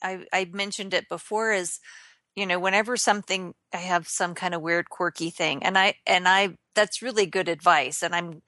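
A woman talks casually on a podcast about running. Her voice sits a little low, and she jokes and often restarts her sentences. The sound is dry and close. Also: fairly even intonation, normal speed, sharp tone, dry recording. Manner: chatty, jokey, many restarts. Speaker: podcast co-host. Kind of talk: casual chat.

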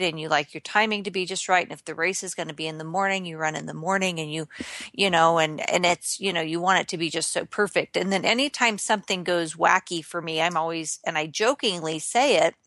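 Chatty woman with a low voice. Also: steady tone, brisk, fairly bright tone, dry recording. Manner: chatty, jokey, many restarts. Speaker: podcast co-host. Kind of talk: casual chat.

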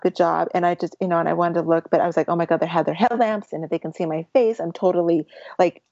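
A woman with a lowish voice tells a personal story about running a race. She speaks in halting bursts, stumbling and repeating herself, and her voice grows tearful at times. The recording is dry and sounds a little dull and lo-fi. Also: a little mellow, no room sound. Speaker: ultramarathon runner guest.

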